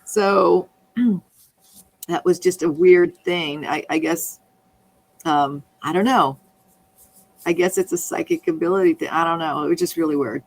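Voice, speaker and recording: A woman's voice: on the low side, unhurried, creaky, long pauses, low-quality recording. A woman in casual conversation, telling a rambling anecdote that keeps restarting and circling back.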